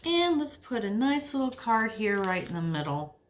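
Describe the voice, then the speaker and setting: A woman giving a casual tarot reading to camera in a chatty, animated way. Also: on the high side, moderate pace, a little hiss or hum. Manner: chatty, animated, drops to near-whisper while shuffling. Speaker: tarot reader.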